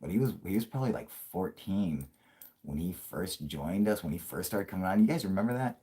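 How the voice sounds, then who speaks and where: A low-voiced man in his thirties hosts a casual live-stream chat, animated and brisk. His crude rambling is heavy on profanity and laughter, and he puts on a yelling, grumpy old man voice for jokes.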